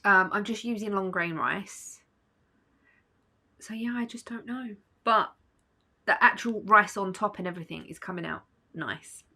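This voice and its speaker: A woman's voice: mid-range voice, unhurried, bright, forceful tone. A woman vlogging at home in a casual, rambling chat, sleepy and yawning. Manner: chatty, rambling, with fillers and small laughs.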